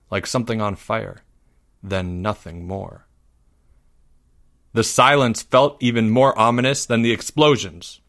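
A man narrates a suspenseful story in a measured, even voice. His pitch sits in the middle range for a man, neither deep nor high.

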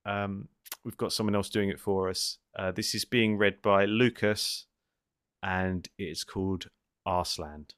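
Guy hosting a comedy podcast, low voice, dry close mic, bit hesitant. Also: unhurried, smooth, dry recording. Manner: relaxed, hesitant with fillers. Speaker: podcast host and writer. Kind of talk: casual chat.

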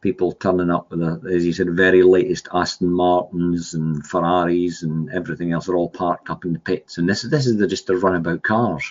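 A low-voiced man in his sixties rambles through his stories, full of fillers and restarts. The sound is dull and lo-fi. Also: little pitch movement, brisk, hardly any pauses. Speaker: guest. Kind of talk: casual storytelling.

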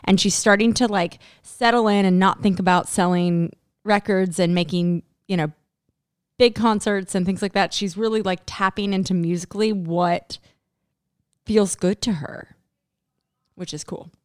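A woman co-hosting a casual chat, telling stories in an animated, chatty way. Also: medium pitch, unhurried, clear, resonant tone, no echo, studio quality. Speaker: podcast co-host.

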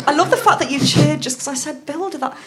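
A woman's voice: high voice, fast talker, a crowd in the background. A woman hosting a casual live chat, teasing her guest and giggling along. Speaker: podcast host.

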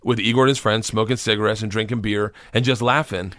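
A man's voice: lowish voice, steady tone, quick pace, a bit bright, dry recording. A man, a comedian, telling a rambling, profane story in casual conversation, now and then acting out the people in it. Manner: rambling, profane, acts out voices of people in his stories. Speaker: comedian guest.

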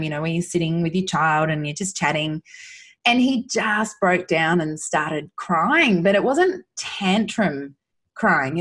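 Husky-voiced woman, earnest and heartfelt. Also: lowish voice. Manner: earnest and heartfelt, many fillers and restarts. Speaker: guest, mother sharing her son's recovery. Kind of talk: emotional podcast conversation.

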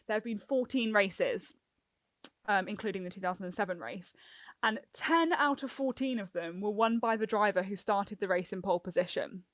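Brief: chatty female podcast co-host, dry close recording, even middle voice. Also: medium pitch, dry recording. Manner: chatty, reads notes with fillers. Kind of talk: podcast discussion.

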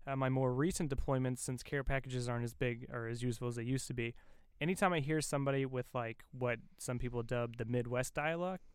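A man's voice: medium pitch, quick pace, clear, resonant tone, dry recording, studio quality. Rambling, easily amused man from Indiana. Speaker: podcast co-host, military veteran. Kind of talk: casual banter.

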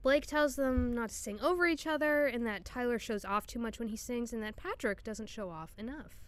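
A woman's voice: a little high, fairly quick. A young woman co-hosting a podcast, casually recapping a TV show with frequent ums and blunt opinions. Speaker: podcast co-host.

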